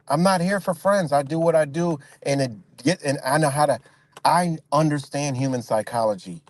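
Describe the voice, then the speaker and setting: A man hosting a casual livestream, ranting in a rambling, profane way and mimicking other people in high voices. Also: moderate pace. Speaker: livestream host.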